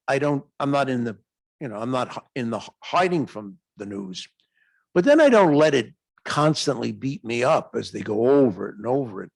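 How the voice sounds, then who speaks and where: Gravelly-voiced man lecturing animatedly. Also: no echo. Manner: animated storytelling, acts out dialogue in raised pitch. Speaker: guest lecturer. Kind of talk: lecture Q&A answer. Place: lecture hall.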